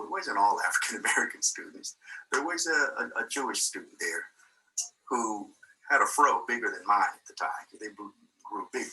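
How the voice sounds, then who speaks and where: A man's voice: lowish voice, sharp tone, far from the mic, poor audio. An older man giving a motivational talk, telling a personal story with quoted voices and small laughs. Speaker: guest speaker.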